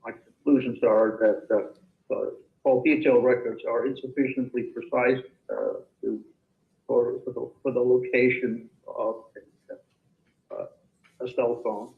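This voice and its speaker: A man giving expert testimony over a video call, hesitant and halting, filling gaps with many pauses. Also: medium pitch, fairly even intonation, gravelly. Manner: hesitant, halting, full of fillers. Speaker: expert witness. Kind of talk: remote court testimony. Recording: tinny echoey video call.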